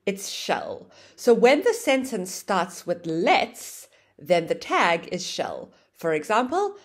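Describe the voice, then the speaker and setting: A woman teaching an online English grammar lesson, explaining with a lively, sing-song intonation. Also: lowish voice, slow.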